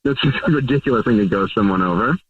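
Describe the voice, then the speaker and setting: A man's voice: fairly low pitch, expressive, quick pace, slightly rough, no echo. A man on the phone with a radio show, sounding sheepish and joking. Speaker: caller. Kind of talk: casual phone chat. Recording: distant tinny phone line.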